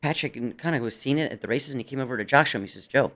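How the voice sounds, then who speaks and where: A man's voice: medium pitch, racing, a bit bright. A middle-aged man from New Jersey, a jockey guest chatting loosely and laughing often in a radio interview.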